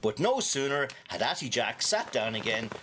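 Lively Northern Irish storyteller man. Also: medium pitch, normal speed, loud music behind the voice. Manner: animated, playful, talks to the audience. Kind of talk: storytelling to children.

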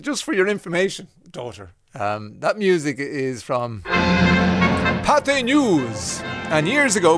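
An Irish man presenting a radio show in a chatty, casual way, reading out listener messages. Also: fairly high pitch. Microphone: studio mic.

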